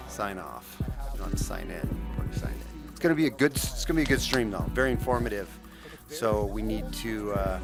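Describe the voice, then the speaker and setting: A man hosting a casual livestream, talking with viewers in a rambling way with many restarts. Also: fairly low pitch. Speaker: livestream host.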